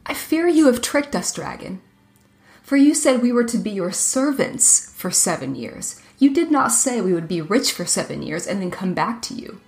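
A woman doing a clever, calm young soldier. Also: medium pitch, moderate pace, creaky. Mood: dry. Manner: calm, dry and thoughtful.

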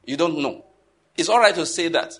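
A man with a notably high voice delivers a sermon, driving his points home by repeating them. He peppers the listener with rhetorical questions and swings between hushed and forceful delivery. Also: normal speed, slightly rough. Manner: emphatic, repeats key phrases, asks the audience rhetorical questions; wide swings in loudness between calm and forceful. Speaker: preacher.

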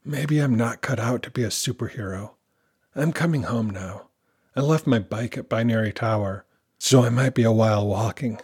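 A man's voice: mid-range voice, moderate pace, darkish tone, breathy edge, close to an everyday voice. A man voicing a discouraged young girl who wants to be a superhero, speaking in an apologetic, downcast way.

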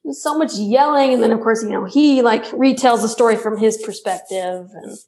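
A woman telling a story in a casual interview, laughing often and acting out her own shouting. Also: on the high side, normal speed. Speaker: guest.

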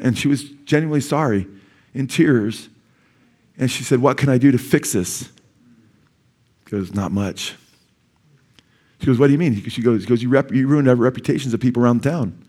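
A middle-aged male pastor delivers a storytelling sermon in church, animated and conversational, frequently making asides to the congregation. His mid-range voice is husky and moves at a moderate pace with frequent pauses.

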